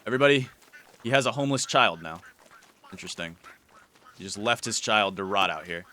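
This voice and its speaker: Man, gaming commentary, playful, teasing, bright forceful tone. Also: fairly low pitch, fairly quick, pauses often. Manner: playful, teasing, chats to in-game creatures. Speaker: gaming YouTuber. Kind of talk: casual gameplay commentary.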